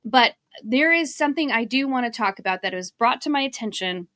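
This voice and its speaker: Bright-voiced woman co-hosting a livestream. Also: a little high, lively intonation, brisk, dry recording, studio quality. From Arizona, USA. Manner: chatty, laughing, wandering into tangents. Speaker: co-host of a marketing livestream. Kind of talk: casual live-stream chat.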